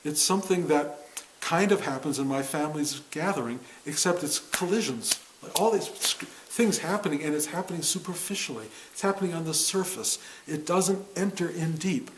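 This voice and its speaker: A man over fifty giving a reflective spiritual talk to a meditation class, unhurried, pausing and correcting himself. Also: a little high, animated, a little hiss or hum, poor audio. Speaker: meditation teacher.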